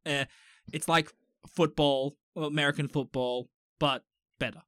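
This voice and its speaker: A man's voice: a little high, steady tone, measured pace, a bit bright, clear, resonant tone, no room sound, studio quality. A young man with an Australian accent, chatting casually as a podcast co-host, rambling and swearing with jokes. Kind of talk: casual chat.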